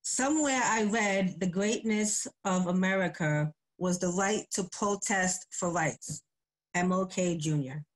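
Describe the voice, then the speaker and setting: A woman educator speaking over a phone on a video call, laid-back and emotional as she talks, then slow and forceful as she recites spoken word poetry. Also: fairly low pitch. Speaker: educator and poet.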